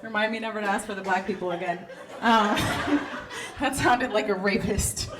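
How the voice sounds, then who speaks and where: Onstage at a comedy club, a woman in her thirties performs stand-up that's loud, crude and self-deprecating, and she laughs through her own material. She speaks at medium pitch and a moderate pace. Crowd noise fills the live recording.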